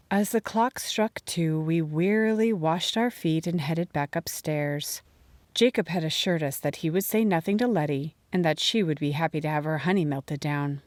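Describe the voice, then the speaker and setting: A woman narrating a first-person storybook audiobook in an expressive reading. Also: low-pitched, normal speed, no echo.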